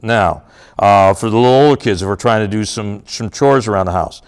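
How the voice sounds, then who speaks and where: A man's voice: on the low side, a little fast. A man leading a parenting workshop at a school, acting out parent and child exchanges with audience members. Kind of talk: interactive workshop talk with role-play. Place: school auditorium or room with audience.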